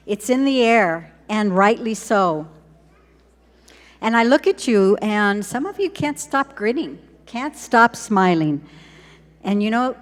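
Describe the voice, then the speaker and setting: An older woman speaks at a podium mic in a large ceremony hall, her words carrying a long reverb. She talks slowly and deliberately, warm and encouraging as she addresses graduates. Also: medium pitch. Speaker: school superintendent giving a graduation address. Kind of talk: ceremonial speech.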